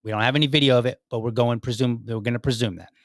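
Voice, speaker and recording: A man's voice: mid-range voice, steady tone, rapid-fire, a bit bright, dry recording, clean studio sound. A man hosting a podcast, giving casual commentary in a rambling way with many fillers and restarts. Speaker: podcast host.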